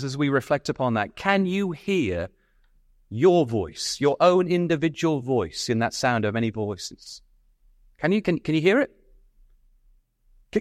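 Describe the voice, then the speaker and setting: A man's voice: a little high, dry recording, studio quality. A man preaching a sermon at a Bible school, earnestly pressing his listeners with repeated questions and stumbling over his words when stirred.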